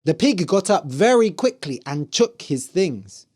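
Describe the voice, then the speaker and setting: A storyteller reading a fairy tale aloud slowly for English learners. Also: medium pitch. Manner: slow, clear, expressive. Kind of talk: scripted narration for English learners.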